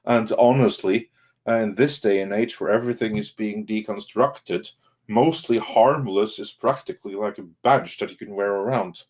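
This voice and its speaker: A man's voice: fairly low pitch, fairly even intonation, moderate pace, a little mellow. A man co-hosting a live online talk show, chatting in an agreeable, reflective way with trailing asides. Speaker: podcast co-host. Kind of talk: casual live-stream chat.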